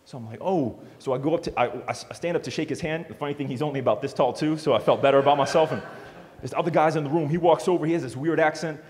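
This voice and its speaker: Fast-talking man telling stories in a hall. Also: on the high side. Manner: animated, joking storyteller. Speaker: motivational speaker. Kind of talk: storytelling speech to an audience. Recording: long hall reverb.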